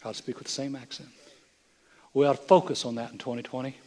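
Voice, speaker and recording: An older bishop preaches quickly, his husky, breathy mid-pitched voice showing little movement in pitch. He alternates between soft, hushed phrasing and loud, emphatic declarations.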